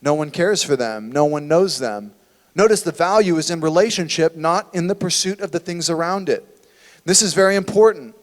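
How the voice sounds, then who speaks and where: A man's voice: fairly high pitch, moderate pace, in a large hall. A man preaching a sermon as a church pastor, conversational and full of rhetorical questions. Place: church sanctuary.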